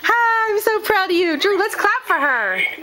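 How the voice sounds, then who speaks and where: A mother filming her baby at home, talking in excited baby talk and counting out steps. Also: extremely high pitch, moderate pace, heavy background noise. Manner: excited, sing-song, counts the baby's steps aloud.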